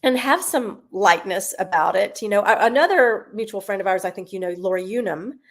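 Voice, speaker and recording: A woman's voice: mid-range voice, a little fast, a bit bright. Chatty woman guest from South Carolina. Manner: chatty, thinks aloud with many fillers. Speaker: guest, Broadway performer. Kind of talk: casual chat.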